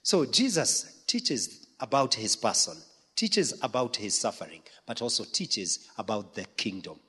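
A man preaching a sermon, emphatic, swinging from loud peaks to quiet asides. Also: medium pitch, lively intonation, unhurried, slightly rough. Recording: long hall reverb.

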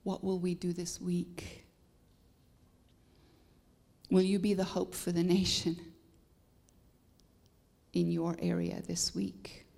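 Canadian woman preacher with gravelly fry. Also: fairly low pitch, level tone, slow, long pauses, dark tone. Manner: preaching with rising emphatic peaks and humor. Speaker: guest preacher. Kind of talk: sermon.

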